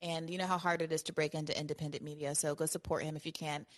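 A woman's voice: deep voice, flat delivery. A woman hosting a call-in podcast, talking casually, laughing often and cutting herself off mid-thought. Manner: quick, laughs often, self-interrupting. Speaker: podcast host.

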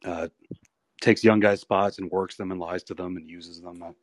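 A male pro wrestler in his thirties, a guest on a podcast, telling candid, profane stories in a rambling, animated way. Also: sits low, normal speed. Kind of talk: candid storytelling interview.

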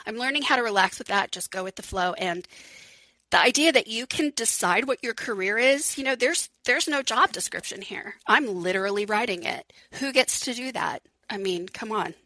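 A woman's voice: a little high, animated, normal speed, pushed and bright, no room sound, poor audio. A woman hosting a live call-in podcast, talking frankly and chattily, laughing often and swearing casually. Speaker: podcast host.

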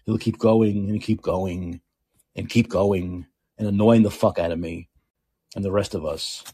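A man's voice: low-pitched, fairly even intonation, unhurried, warm tone, breathy edge, no echo. An older man hosting a political call-in podcast, talking in a sarcastic, exasperated way and repeating himself for emphasis. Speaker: podcast host.

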